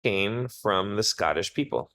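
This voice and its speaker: Man, very low voice, SAT tutor, step-by-step explanations, test prep walkthrough. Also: animated, a little slow, a bit bright. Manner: explanatory, talks through reasoning step by step.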